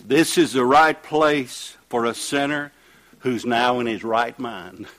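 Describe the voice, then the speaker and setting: A man preaching a sermon, reading scripture aloud and asking rhetorical questions, rising to loud emphatic peaks and dropping to quiet asides. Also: medium pitch, slow. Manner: reads scripture aloud in King James wording.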